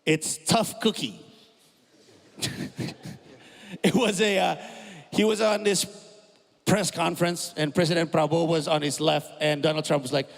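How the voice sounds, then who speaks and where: A man with an Indonesian accent doing a stand-up comedy set, deadpan punchlines with quick asides to the audience. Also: a little high, creaky. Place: live stage in a large hall. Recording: reverberant hall on a stage mic.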